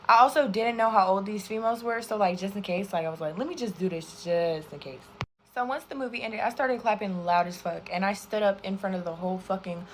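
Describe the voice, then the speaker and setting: A young woman telling a casual storytime while doing her makeup, animated and profane, talking straight to her viewers. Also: medium pitch, fast, hardly any pauses, a little hiss or hum. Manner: animated, profane, chatty, addresses viewers as y'all. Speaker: storytime creator.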